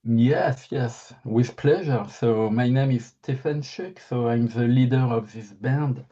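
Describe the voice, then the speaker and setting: A man with a French accent, speaking English as a second language as a polite, measured interview guest over a video call. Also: mid-range voice, mellow, highs cut off. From France. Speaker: band leader and guest.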